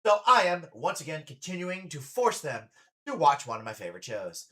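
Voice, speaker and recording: A man's voice: a little high, big pitch swings, fairly quick, fairly bright tone. A man, a drag performer, hosting a casual reaction stream with chatty, playful teasing.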